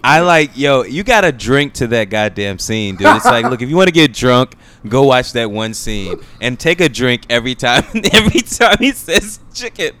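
A man's voice: medium pitch, big pitch swings, moderate pace, hardly any pauses, background noise. A man co-hosting a casual podcast, laid-back and rambling, laughing often. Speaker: podcast co-host. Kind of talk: casual chat.

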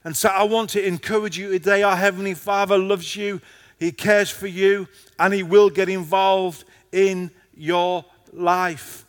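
A man's voice: sits high, fairly even intonation, a little slow, big-room sound. A male pastor preaching a passionate sermon to a congregation, his intensity rising and falling.

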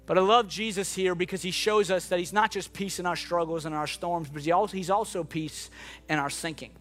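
A man with a high, bright voice preaches a sermon to a church congregation. He moves between hushed, reflective passages and impassioned, shouted appeals, with soft music under him. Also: fairly even intonation, brisk. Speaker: pastor. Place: church hall with live and online congregation.

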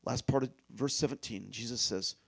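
A man preaching a sermon to a room of listeners, emphatic, asking rhetorical questions and now and then dropping to a hush. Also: mid-range voice, moderate pace, vocal fry, slightly rough.

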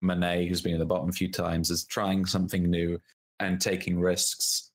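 A man chatting casually as co-host, reviewing a show with quick asides and laughs. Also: low voice, completely flat delivery. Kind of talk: casual podcast chat.

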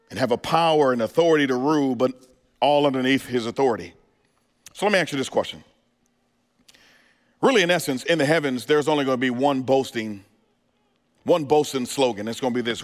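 A man's voice: mid-range voice, fairly quick, pauses often. A male pastor preaching a sermon, firing questions at his congregation and asking if they are ready. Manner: preaching with call-and-response asides to the congregation. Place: church sanctuary. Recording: hall reverb.

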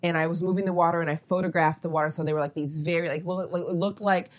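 Lower-voiced chatty young woman. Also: steady tone, fast talker. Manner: chatty and meandering, full of asides. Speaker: guest photographer. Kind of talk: casual interview chat.

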